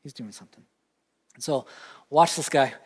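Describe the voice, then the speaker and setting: A man's voice: mid-range voice, moderate pace, slightly rough. A man with a Southern American accent preaching a sermon as pastor, conversational and earnest, leaning on emphatic repetition. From Southern United States. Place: church sanctuary. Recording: long church reverb.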